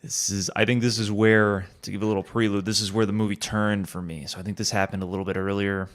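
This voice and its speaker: A man's voice: fairly low pitch, level tone, fast talker. A man co-hosting a casual podcast, hesitant and self-correcting. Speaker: podcast co-host. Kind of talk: casual chat.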